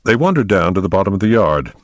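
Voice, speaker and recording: A man narrating an audiobook in a measured storytelling manner. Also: deep voice, sing-song, dry recording.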